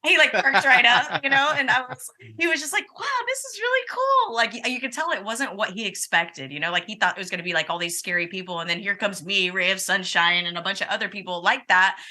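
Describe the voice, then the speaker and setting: A woman's voice: mid-range voice, fast talker. A woman co-hosting a podcast in casual chat, telling stories animatedly, swearing freely and acting out what people said. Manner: animated storyteller, swears freely, acts out quotes. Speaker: podcast co-host.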